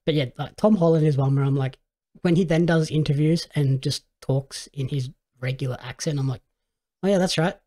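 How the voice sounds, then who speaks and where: A man's voice: a little high, fairly even intonation, brisk, mellow. A man hosting a casual podcast chat about films and shows, easygoing and quoting his own reactions. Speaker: podcast host.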